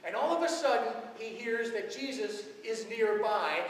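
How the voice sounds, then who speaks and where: A man preaching as pastor in a large church, telling stories in a lively way. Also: extremely high pitch, moderate pace, few pauses, recorded from a distance, a little hiss or hum. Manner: storytelling, animated. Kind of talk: sermon. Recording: echoey church heard from afar.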